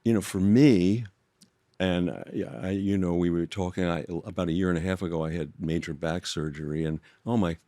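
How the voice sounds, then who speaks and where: Older man, very low voice, gentle and reflective, dry studio sound. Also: fairly even intonation, no echo. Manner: gentle, thoughtful, halting with restarts. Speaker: guest author. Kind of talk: reflective storytelling conversation.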